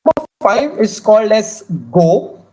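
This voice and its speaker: A woman teaching a language class, repeating each word slowly and drilling pronunciation. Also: mid-range voice, expressive, noisy background. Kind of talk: slow, careful language lesson.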